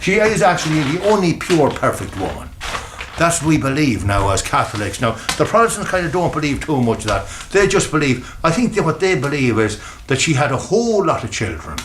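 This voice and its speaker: A man's voice: on the high side, sing-song, brisk, a bit bright, slight background noise. An older man with a rural Irish accent, a farmer talking casually in a rambling, folksy storytelling way at home. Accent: Irish, rural Meath. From Ireland. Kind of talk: casual documentary talk. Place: farmhouse, indoors.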